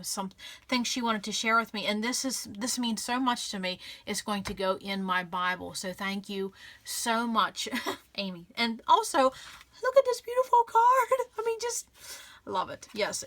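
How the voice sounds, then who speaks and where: A woman's voice: medium pitch, pushed and bright. A woman hosting a casual scrapbooking vlog, gushing and grateful, chatting with lots of fillers and restarts. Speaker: scrapbooking channel host. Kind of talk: casual crafting vlog chat.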